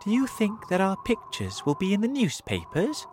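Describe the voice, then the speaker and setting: A man's voice: high voice, wildly swooping pitch, normal speed, darkish tone, a little hiss or hum, voice pushed up. A man voicing a wide-eyed ladybird. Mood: hopeful. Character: curious chatty ladybird.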